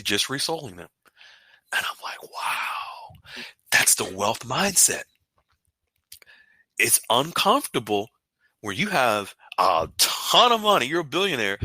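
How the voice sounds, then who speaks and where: A man hosting a casual interview, talking with lively reactions and frequent affirmations. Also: fairly low pitch, no room sound.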